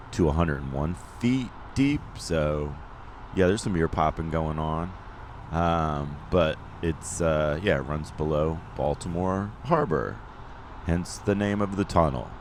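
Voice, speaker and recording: A man's voice: rumbling low, a little hiss or hum. A comedian narrating his road-trip vlog in a casual voice-over, rambling and joking with lots of ums. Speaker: comedian and vlogger. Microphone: voice-over, not recorded on the road.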